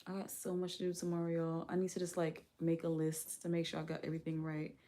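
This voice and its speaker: A woman's voice: low voice, completely flat delivery, quick pace, warm tone. A woman who is a parent, hosting a live stream and chatting candidly with viewers in a casual way. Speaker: livestream host.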